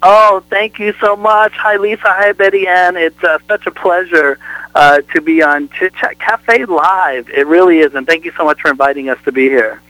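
Brief: man, somewhat high voice, gushing spokesperson, dry close sound. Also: moderate pace, pushed and bright, dry recording, rough recording. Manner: effusive, salesy, many fillers. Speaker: brand spokesperson guest. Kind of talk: call-in talk show interview.

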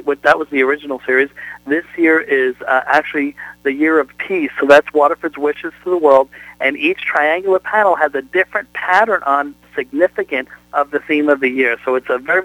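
A man's voice: fairly high pitch, a bit bright, no room sound, rough recording. Effusive salesy man, dry close sound. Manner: effusive, salesy, many fillers. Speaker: brand spokesperson guest. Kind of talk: call-in talk show interview.

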